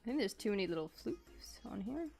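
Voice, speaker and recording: A woman's voice: mid-range voice, big pitch swings, fairly quick, vocal fry, darkish tone, faint music behind. A woman streamer chatting casually while she sculpts, reading chat aloud, laughing often and apologizing.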